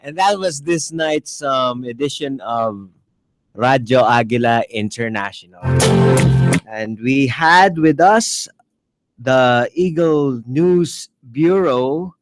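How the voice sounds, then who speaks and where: A man hosting a radio program, wrapping up the show in an unhurried way with small fillers. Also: medium pitch, rough recording. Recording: voice over music bed.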